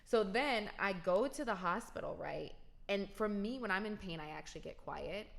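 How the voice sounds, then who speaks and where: A woman's voice: mid-range voice, lively intonation, moderate pace, vocal fry. A young adult woman telling a personal story to her viewers in a casual, emphatic way. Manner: emphatic, talks straight to viewers. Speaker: vlogger.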